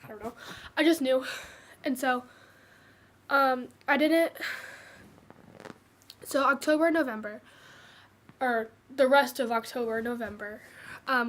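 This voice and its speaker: Teen girl vlogging, high voice, lots of ums and restarts, casual. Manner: hesitant, many fillers and restarts. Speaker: vlogger sharing her cancer story. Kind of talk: casual personal storytelling.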